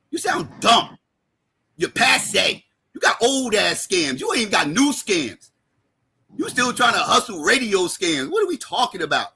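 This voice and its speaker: Sharp-voiced man ranting, raspy. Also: high voice. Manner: heated, mocking, often shouting. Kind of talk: profane roast rant.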